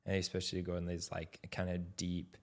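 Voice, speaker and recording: Young man, very low voice, casual podcast talk, reflective and measured. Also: completely flat delivery, a little mellow. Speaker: podcast co-host. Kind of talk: casual chat.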